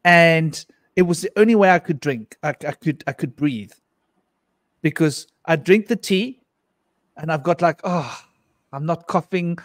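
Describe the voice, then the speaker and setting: A man's voice: a little high, a little slow, no echo, studio quality. A middle-aged man on a live panel, telling a rambling personal story, laughing often and acting out what people said. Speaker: panel guest.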